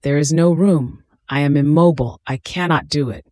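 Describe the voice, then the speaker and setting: A reader voicing a suffering infant Christ in a slow, tender, pleading devotional reading. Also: medium pitch, a little mellow, no room sound, studio quality, lightly acted.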